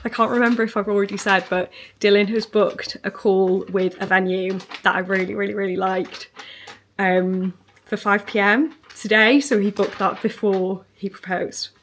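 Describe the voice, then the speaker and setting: A woman's voice: mid-range voice, fairly even intonation, normal speed, a bit bright. A young woman talking in a chatty, gushing way in a casual vlog. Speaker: vlogger. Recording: noisy phone recording.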